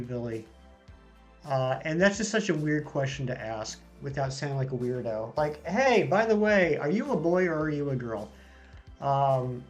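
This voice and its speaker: A man hosting a casual live stream, chatting and bantering while reading viewer comments aloud. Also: medium pitch.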